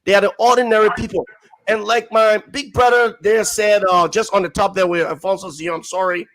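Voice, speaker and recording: A man's voice: high-pitched, fairly even intonation, a little fast, a bit bright, rough recording. A young Liberian man arguing hard on a forum panel, reading quotes aloud and driving home his points through repetition. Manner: emphatic, reads quotes aloud, repeats phrases. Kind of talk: impassioned political argument.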